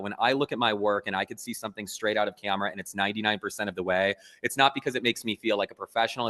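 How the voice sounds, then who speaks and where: A man, a photographer, being interviewed, telling stories in an earnest, animated way. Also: on the low side, in a large hall. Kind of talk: casual interview talk.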